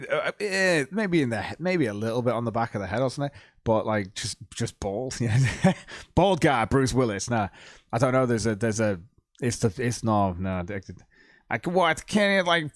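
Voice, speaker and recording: A man's voice: medium pitch, dry recording. A man streaming live, chatting casually in a rambling way with a lot of swearing and stumbling. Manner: rambling, profane, hesitant.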